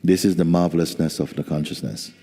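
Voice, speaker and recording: A man as spiritual teacher giving a slow, soft-spoken satsang talk with gentle humor. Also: sits low, creaky, breathy edge, faint music behind. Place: large hall. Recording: reverberant hall.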